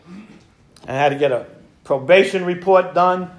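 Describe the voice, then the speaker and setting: A man's voice: high voice, moderate pace. A middle-aged man telling his recovery story at a meeting, acting out the other people in it. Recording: echoey room with faint noise.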